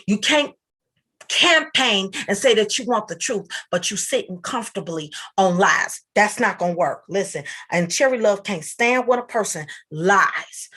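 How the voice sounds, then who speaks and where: A woman's voice: mid-range voice, bright, forceful tone. Upset woman stammering on a livestream. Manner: agitated, halting, many restarts and stammers. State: upset, near tears. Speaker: livestream host. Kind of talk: upset livestream address to viewers.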